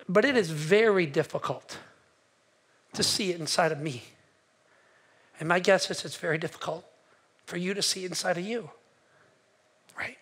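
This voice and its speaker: A middle-aged pastor delivers his sermon in a high, bright voice with a lot of edge. He tells a story with animated energy and acts out the voices of the people he quotes. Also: moderate pace, long pauses, breathy edge.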